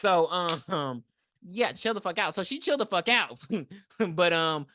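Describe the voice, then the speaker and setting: A woman's voice: fairly low pitch, lively intonation, measured pace, a bit bright, no room sound, studio quality. A young woman co-hosting a podcast, recapping a movie in casual chat and acting out the characters in big voices. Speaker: podcast co-host.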